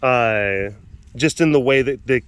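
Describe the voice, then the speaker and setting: A man's voice: medium pitch, a little slow, clean tone, no room sound. A man hosting a webcast from an animal compound outdoors, chatting in a rambling way with lots of fillers, laughing often and acting out quotes. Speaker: host of a wild animal facility webcast. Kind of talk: rambling casual chat.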